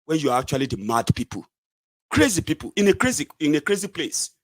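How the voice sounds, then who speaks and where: A Nigerian man delivers an angry solo political rant, scolding and mocking his viewers. His voice sits a little high and he stays combative and sarcastic throughout. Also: sing-song, quick pace. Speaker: political commentator.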